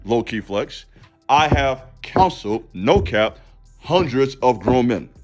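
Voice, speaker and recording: A man giving a passionate, preachy commentary monologue on his channel, direct and full of slang. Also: mid-range voice. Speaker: YouTube commentator and counselor.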